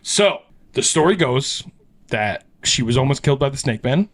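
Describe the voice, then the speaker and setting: A man's voice: mid-range voice, moderate pace. A man hosting a podcast, casually retelling an urban legend with swearing and frequent laughs. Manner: animated, swears, laughs often. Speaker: podcast host. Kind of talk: casual storytelling chat.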